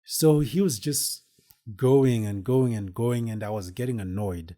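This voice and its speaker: A man's voice: mid-range voice, unhurried, mellow. A man hosting a podcast, telling a personal story casually in a rambling way, with many fillers and restarts. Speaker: podcast host.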